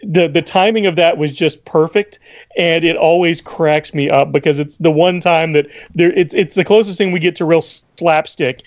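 A man, a podcast guest, telling stories in an animated, casual chat. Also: on the high side, moderate pace, muffled recording. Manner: animated storyteller.

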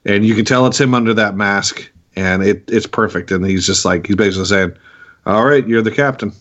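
A man co-hosting a podcast, talking in a halting, casual way with frequent restarts. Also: on the low side, steady tone, a bit bright. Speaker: podcast co-host.

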